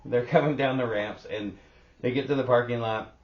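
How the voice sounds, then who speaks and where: A man's voice: medium pitch, moderate pace. A middle-aged man co-hosting a podcast, telling a story in casual chat, swearing often and acting out sounds. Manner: animated, swears a lot, acts out sounds. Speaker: podcast co-host. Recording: roomy, dull lo-fi sound.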